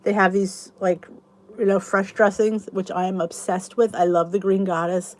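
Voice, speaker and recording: A woman's voice: mid-range voice, flat delivery, moderate pace, darkish tone. A middle-aged woman hosting her channel, chatting casually and enthusiastically to viewers in a rambling way. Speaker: YouTube channel host.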